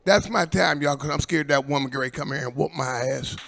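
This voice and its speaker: An older man with a gravelly, fry-laced voice that sits a little high for a man. He works a live comedy stage on a handheld mic, rambling through profane stories and shouting out the lines of the people in them. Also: brisk. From Indianapolis, USA. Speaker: stand-up comic. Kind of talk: stand-up comedy set.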